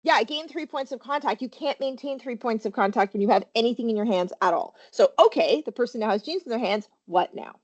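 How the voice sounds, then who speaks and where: A woman safety trainer presenting a webinar, her fairly high voice rising and falling with lively emphasis. She keeps asking her listeners questions as she goes. The audio is muffled and lo-fi. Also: a little fast, hardly any pauses. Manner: animated, quizzes listeners with questions.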